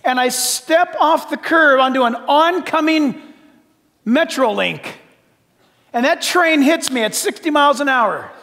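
An older man preaching a sermon as pastor, emphatic and shouting at times, then dropping to soft asides. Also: very high-pitched, animated, unhurried, big-room sound.

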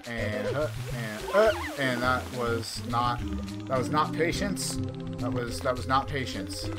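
A man giving gameplay commentary, excitable and quick to yell in frustration before muttering again. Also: mid-range voice. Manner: excitable, swings between muttering and frustrated shouting. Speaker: let's play host. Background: game music.

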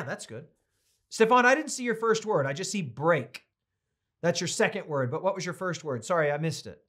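A middle-aged male pastor with a fairly high voice teaches a Bible study. He preaches with conviction and then slips into a chatty, playful tone as he reads out viewers' comments. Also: fairly bright tone.

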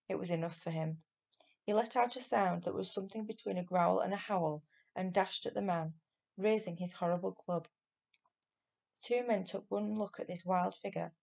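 A woman teacher reading a children's novel aloud at an even pace. Her voice carries a gravelly edge, and her storytelling stays steady and clear. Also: mid-range voice.

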